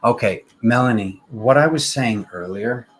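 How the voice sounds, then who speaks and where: A man hosting a casual live-stream tarot reading, talking in an unhurried, rambling spiritual way with many fillers. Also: medium pitch, fairly bright tone, low-quality recording.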